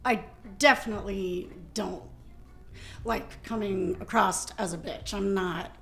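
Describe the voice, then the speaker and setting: A middle-aged woman reflecting on her life as a podcast guest, pausing and restarting her thoughts as she goes. Her voice sits at an everyday middle pitch. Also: steady tone, vocal fry. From Ohio, USA. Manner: reflective, hesitant with many fillers. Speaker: guest musician and gymnastics coach. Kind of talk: casual interview chat.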